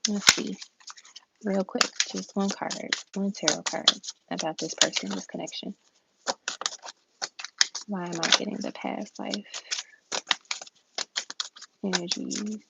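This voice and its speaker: A woman's voice: medium pitch, steady tone, slow pace, creaky, long pauses. A woman reading tarot cards live, chatting casually, laughing often and reading card messages aloud. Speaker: tarot reader. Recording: dull lo-fi stream audio with noise and keyboard clicks.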